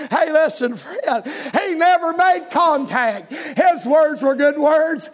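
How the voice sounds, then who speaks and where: A man's voice: very high voice, takes it slowly, few pauses. A man preaching a revival sermon, hollering in a sing-song cadence and punctuating his lines with amens.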